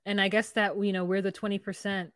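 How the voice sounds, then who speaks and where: A woman's voice: medium pitch, flat delivery, fast talker, fairly bright tone, no room sound, clean studio sound. A woman co-hosting a podcast, chatting casually in a wry, gossipy way. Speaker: podcast co-host. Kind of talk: casual chat recapping a reality show.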